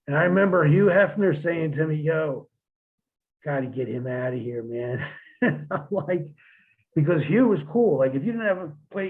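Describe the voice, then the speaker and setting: A man's voice: high-pitched, creaky. A man telling wrestling road stories in a casual interview, laid-back and profane, laughing as he goes. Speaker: guest, former wrestler. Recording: tinny phone-like line.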